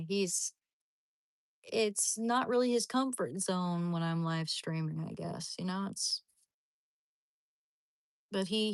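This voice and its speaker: A woman's voice: mid-range voice, no echo. A woman chatting casually to her live stream audience from home, rambling along with many restarts. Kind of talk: casual livestream chat.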